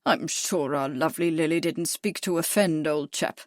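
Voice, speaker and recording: A woman's voice: sits low, normal speed, no echo, clean studio sound, voice pushed down, close to an everyday voice. A woman doing an ingratiating fat racing manager. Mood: smooth, soothing. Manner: affably ingratiating. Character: fat, jovial middle-aged male racing manager, ingratiating.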